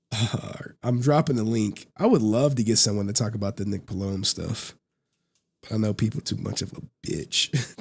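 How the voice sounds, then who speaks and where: A man in his thirties hosting a casual live stream, talking in slang, laughing often and telling stories in an animated way. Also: fairly low pitch, vocal fry, breathy edge. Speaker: streamer host.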